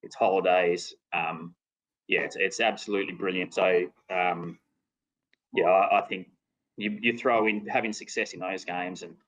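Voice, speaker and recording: A man's voice: low-pitched, fairly even intonation, moderate pace, a bit bright, low-quality recording. A middle-aged Australian man, a former cricketer and podcast guest, telling a story casually with restarts and laughter. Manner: rambling with restarts, laughing at his own story.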